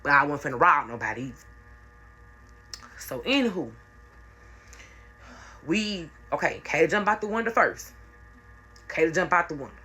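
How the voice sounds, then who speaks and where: Young woman, crisp bright voice, chatty slangy storytime, repeats herself. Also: low voice, expressive, normal speed, long pauses, soft background music. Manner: repetitive, conversational, slangy. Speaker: storyteller vlogger. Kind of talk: casual storytime narration.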